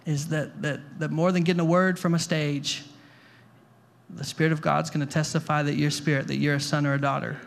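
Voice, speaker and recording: A man's voice: fairly high pitch, flat delivery, a little fast, vocal fry. A male pastor preaching a sermon to a congregation in a conversational way, repeating words and asking the room questions. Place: church hall before a congregation.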